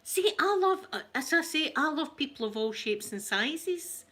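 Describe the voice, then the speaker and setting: A woman's voice: sits high, normal speed. Chatty Scottish woman telling stories. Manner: chatty, laughs often, animated quoted voices. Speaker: ASMR channel host. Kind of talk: casual storytelling chat.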